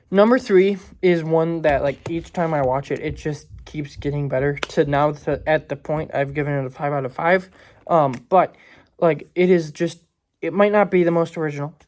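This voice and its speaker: A man's voice: fairly high pitch, darkish tone. A man casually reviewing movies in a rambling way, filling his talk with "like" and "um". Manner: rambling, heavy use of "like" and "um" fillers.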